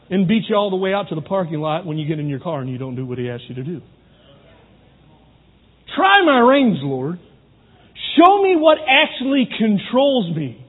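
A man's voice: extremely high pitch, breathy edge. A man preaching a folksy, emphatic sermon to his congregation. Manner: folksy, emphatic, shouts to make a point. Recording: tinny, phone-like audio in a reverberant hall.

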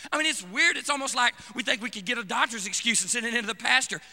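A male preacher delivering a fervent sermon, swinging from shouted exhortation to hushed, intimate asides. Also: very high voice, fast talker, in a large hall.

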